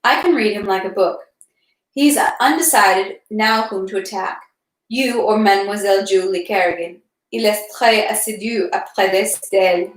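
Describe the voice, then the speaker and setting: A woman voicing a kind, good-natured young count who talks with merry, gentle mockery, in an echoey room. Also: mid-range voice, normal speed, close to an everyday voice. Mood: amused.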